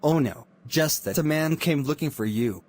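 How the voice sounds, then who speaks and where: Man voicing a soft-spoken curious teen son. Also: fairly high pitch, animated, normal speed.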